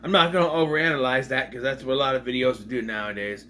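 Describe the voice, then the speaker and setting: A man's voice: mid-range voice, steady tone, fast talker, few pauses, pushed and bright. A man giving a casual, rambling retrospective of a TV episode at home, with jokey asides. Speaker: video reviewer.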